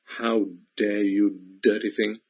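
A man's voice: on the low side, flat delivery, slow pace, slightly rough. A man voicing a stern inner voice of conscience that scolds and repeats its reproaches, on a dull lo-fi recording. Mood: scolding.

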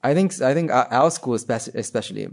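A man's voice: medium pitch, expressive, brisk, gravelly. A man giving an informal talk, asking his listeners rhetorical questions and often restarting his sentences. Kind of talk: informal spoken talk to an audience.

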